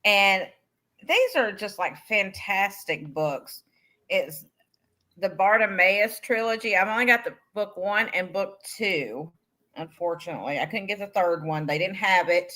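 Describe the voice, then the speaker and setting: A woman's voice: on the low side, pushed and bright. A woman co-hosting a live online sale, chatting casually about books with fillers.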